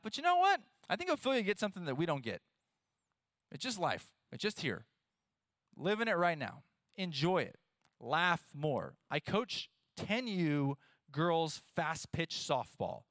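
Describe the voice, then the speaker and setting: A man in his thirties preaching a sermon, playful and animated, talking straight to his audience. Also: sits high, a little slow, no echo. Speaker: pastor.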